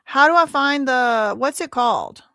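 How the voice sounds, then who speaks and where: A woman's voice: sits high, lively intonation, normal speed, fairly bright tone, smooth, no room sound, clean studio sound. A woman hosting a casual livestream, chatting and reading viewer messages and documents aloud. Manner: chatty, reads super chats and documents aloud, exclamatory. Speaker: livestream host.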